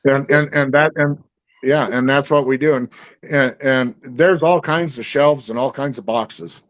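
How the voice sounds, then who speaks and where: A man's voice: mid-range voice, steady tone, measured pace, fairly bright tone, no echo. Rambling man telling a story. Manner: rambling, many fillers and restarts. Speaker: guest. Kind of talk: storytelling in casual conversation.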